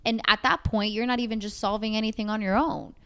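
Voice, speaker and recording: A woman's voice: on the high side, fairly even intonation, fast talker, pushed and bright, clear, resonant tone. A woman in her twenties co-hosting a casual podcast chat, thinking aloud with fillers and frequent laughs. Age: 20s. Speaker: podcast co-host.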